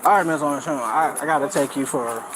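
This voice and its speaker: A man working as a police officer, calmly questioning and arresting a woman on bodycam. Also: on the high side, a little fast. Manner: calm, brief acknowledgements. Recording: noisy bodycam audio.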